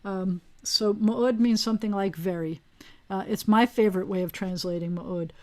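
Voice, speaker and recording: A woman's voice: medium pitch, fairly even intonation, normal speed. Woman rabbi teaching a hebrew class on a video call, chatty, wanders off topic, lots of ums. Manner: chatty, digressive, with frequent fillers. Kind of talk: casual online class teaching.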